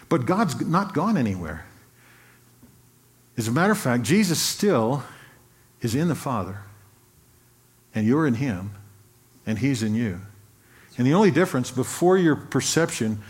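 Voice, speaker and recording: Man preaching in a conversational way. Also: medium pitch. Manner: conversational preaching, reads scripture slowly and emphatically; repeats and restarts words. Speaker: pastor. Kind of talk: sermon.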